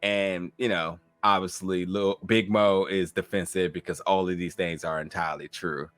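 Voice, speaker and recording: Speaking low and at a moderate pace, a podcast co-host with a Southern US accent recaps a TV episode in casual chat. He's animated, acts out lines, and pads his talk with frequent fillers; the recording is dry.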